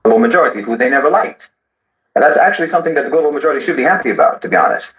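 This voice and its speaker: Fast-talking man lecturing in an echoey room. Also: medium pitch, animated, fairly bright tone, slight background noise. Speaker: political commentator. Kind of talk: commentary monologue.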